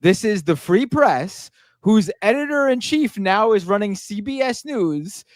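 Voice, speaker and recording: An animated podcast co-host rants through a live commentary, trailing off and restarting lines. The mid-pitched voice sits close and dry on the mic with no room sound. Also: dry recording. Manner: animated, fast ranting with fillers and restarts.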